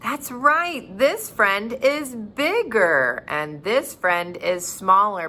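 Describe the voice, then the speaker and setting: A woman leading a preschool circle time, her voice bright and bouncing high and low in exaggerated sing-song. She takes it slow and drawn out, the way you talk to small children. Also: animated. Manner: exaggerated, sing-song teacher talk with big pitch leaps. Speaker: preschool teacher. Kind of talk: virtual circle time lesson for young children.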